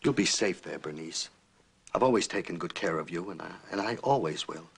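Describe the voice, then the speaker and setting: An actor playing a gangster boss, husband and father, talking with calm, controlling weariness in a 1970s crime film. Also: sits low, brisk, vocal fry, slight background noise. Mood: firm, weary.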